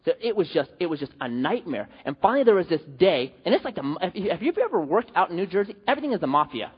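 A man preaching a sermon, telling a personal story in an animated way and asking the audience questions. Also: sits high, fast, breathy edge. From US West Coast. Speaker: pastor. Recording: dull hall reverb.

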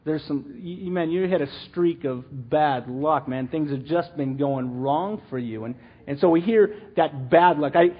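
A middle-aged man giving a rambling, animated church teaching, full of restarts and asides. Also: a little high, moderate pace, slightly rough, phone-quality sound. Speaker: lay teacher.

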